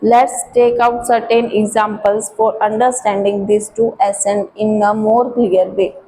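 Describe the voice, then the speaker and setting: A woman teaching a French class, explaining slowly and carefully and now and then switching into Hindi. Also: medium pitch, level tone, mellow, a little hiss or hum, low-quality recording. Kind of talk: classroom lesson.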